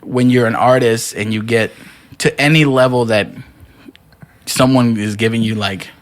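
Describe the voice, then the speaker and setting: A man's voice: mid-range voice, steady tone, moderate pace. A man on a podcast telling a long story in casual chat, full of "like" and "you know what I mean".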